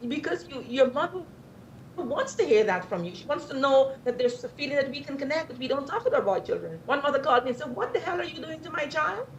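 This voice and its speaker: Middle-aged woman guest, lively storyteller, a touch high, faint hiss on a lo-fi track. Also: quick pace. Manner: animated, storytelling, acts out quoted voices. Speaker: interview guest. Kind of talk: conversational interview answers. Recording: slightly dull lo-fi recording.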